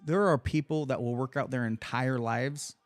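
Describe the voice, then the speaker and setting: Here a young male fighter rambles through stories on a podcast, cursing freely in a relaxed chat. He speaks at a normal pace with a medium pitch, and the recording is dry.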